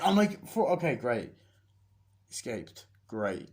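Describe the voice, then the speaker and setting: A man recording his own casual movie review, talking in loose, rambling bursts. He swears constantly and keeps breaking into put-on voices to replay scenes. His voice sits at an ordinary middle pitch. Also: sing-song, moderate pace, a little mellow. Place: self-recorded on a battery-powered device.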